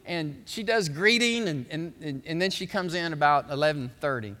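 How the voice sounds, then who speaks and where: A middle-aged man preaches a sermon with a bright, high voice, telling folksy stories with animated swings in tone. His voice rings out with a long reverb from a large church hall. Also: normal speed. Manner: animated, folksy storytelling with big swings up in pitch. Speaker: pastor.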